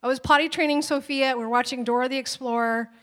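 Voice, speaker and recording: A woman in her thirties delivers a sermon in a relaxed, conversational way, weaving in personal stories and slipping into quoted voices. Her voice sits fairly high for a woman. A long reverb from a church hall trails behind her words. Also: fast. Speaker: pastor.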